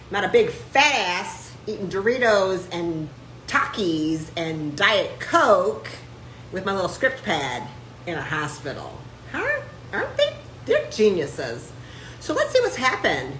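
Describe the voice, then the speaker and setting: Brash, animated woman ranting live. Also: medium pitch, echoey room, a little hiss or hum, poor audio. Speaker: host; chiropractor. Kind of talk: live-stream rant.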